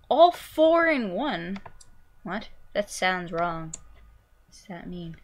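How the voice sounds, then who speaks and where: A young woman commentating her own gameplay, goofy and excitable, yelping and squealing at what happens on screen. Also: mid-range voice, very slow, pauses often, slight background noise. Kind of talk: let's play commentary.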